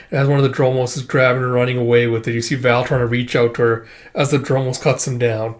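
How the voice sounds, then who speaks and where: A man's voice: mid-range voice, little pitch movement, fast talker, hardly any pauses. A man casually reading and recapping a comic aloud, rambling with fillers and forgetting names. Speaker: manga reader and recapper.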